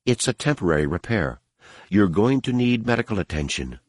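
A man voicing a gentle female alien healer who speaks softly and calmly. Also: lowish voice, fairly quick, slightly rough, dry recording, clean studio sound.

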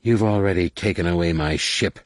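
A man voicing a bitter, drunk, booming alien woman captain who taunts in a slurred, loud way. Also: moderate pace, dry recording, clean studio sound, lightly acted. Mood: bitter, taunting.

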